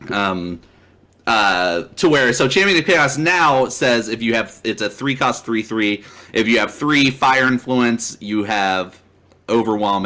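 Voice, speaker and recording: A man's voice: lowish voice, sharp tone. A man co-hosting a casual gaming podcast, teasing his guests and laughing often as he talks. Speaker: podcast co-host.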